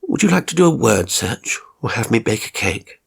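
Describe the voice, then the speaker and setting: A man, reading a horror story, voicing a polite, literal-minded male carer who speaks in a calm, precise and oddly formal way. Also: medium pitch, moderate pace, gravelly, slightly rough, heavily acted. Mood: composed. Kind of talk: audio drama reading.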